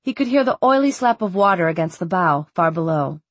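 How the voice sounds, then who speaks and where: A woman reads a novel aloud in measured, even storytelling. Her voice sits low and carries a breathy, husky edge. The recording is close and dry, with no room echo. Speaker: audiobook narrator. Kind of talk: scripted narration.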